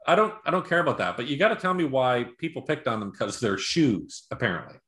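Recorded over a video call in a reverberant space, this mid-range male voice talks fast. He co-hosts a podcast, rambling through a casual show and movie review with profanity, lively retellings, impressions, and acted-out quotes.

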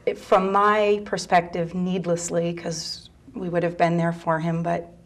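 A middle-aged mother telling a personal story in an interview, soft-spoken and halting, sometimes dropping to a near whisper. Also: on the low side, flat delivery. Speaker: mother of a gay teen son; interview guest.

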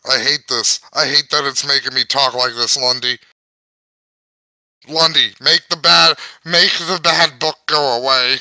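A man's voice: medium pitch, normal speed, pushed and bright, dry recording, poor audio. A man reading a difficult book aloud on a casual podcast, stumbling over words, exasperated and swearing.

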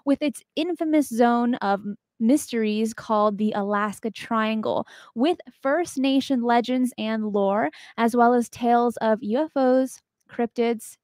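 A woman's voice: a little high, a little mellow, dry recording, clean studio sound. A woman hosting a live talk show, upbeat and chatty as she greets viewers. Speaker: show host.

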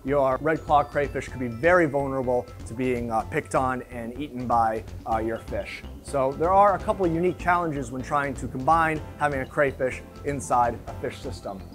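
A man's voice: mid-range voice, moderate pace, hardly any pauses, a bit bright, soft background music. A man hosting a casual educational video, chatty and enthusiastic, with frequent filler words as he explains. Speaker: aquarium store video host.

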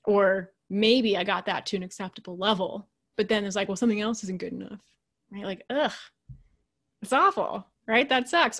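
A woman's voice: medium pitch, normal speed. Chatty woman coach giving a lecture. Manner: animated, chatty, acts out quoted voices; often adds "right?". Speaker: leadership coach and speaker. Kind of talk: casual lecture.

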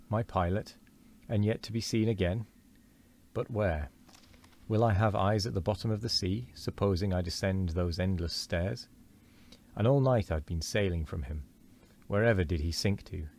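A grim old sea captain speaks in slow, archaic, brooding lines, read aloud by a man. The voice sits very deep and steady. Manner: archaic solemn declamation.

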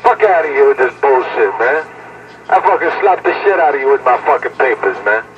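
A man's voice: medium pitch, lively intonation, brisk. A man trash-talking and hurling insults over a CB radio from a truck cab. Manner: profane, taunting, shouting insults. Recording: dull lo-fi radio with loud static.

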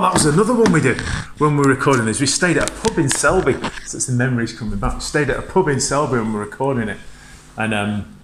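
A man, casually reminiscing to camera about his old band, chatty and quick to laugh. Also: medium pitch, fairly bright tone, slight background noise. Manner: chatty, laughs often, rambling anecdotes. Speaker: heavy metal vocalist. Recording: echoey room.

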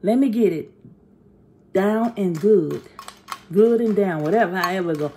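A woman's voice: mid-range voice, moderate pace, mellow, slight background noise. A playful woman vlogger reviewing food, talking straight to her viewers and pretending to be a seven-year-old kid.

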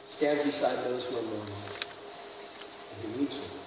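A male pastor preaching a dramatic sermon, swinging from hushed tones to shouting. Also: mid-range voice, moderate pace. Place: church sanctuary. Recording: echoey hall from far off, faint noise.

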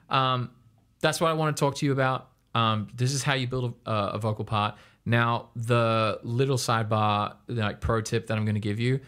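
A young man from Australia talks through a singing lesson in a loose, rambling way. He laughs often and sidetracks a lot, and his voice sits at a middle pitch. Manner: rambling, chatty, laughs often, mimics reactions in a high squeal. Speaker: music coach. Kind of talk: casual video lesson.

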